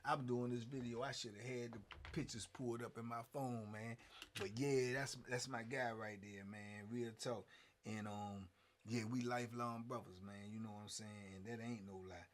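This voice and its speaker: A middle-aged man, telling prison stories in a casual, animated way and acting out what others said. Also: mid-range voice, normal speed. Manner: animated, acts out quotes, frequent "man". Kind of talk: casual storytelling.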